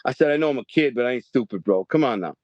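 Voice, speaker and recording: A man in his fifties from the Detroit area, telling a story as a podcast guest in animated, profane street slang. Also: mid-range voice, fast, dry recording, lo-fi sound. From Detroit area, Michigan. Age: 50s. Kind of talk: storytelling interview.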